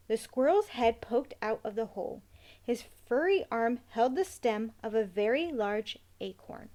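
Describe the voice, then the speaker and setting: A woman reads a children's novel aloud in a measured, expressive way. Her voice sits a little higher than most women's, and the telling stays calm and even. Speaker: narrator. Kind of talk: scripted narration of a children's novel.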